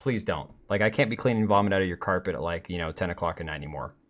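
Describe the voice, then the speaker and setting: A man's voice: deep voice, very fast. A middle-aged man hosting a live stream, rambling bluntly with profanity as he reads and answers chat.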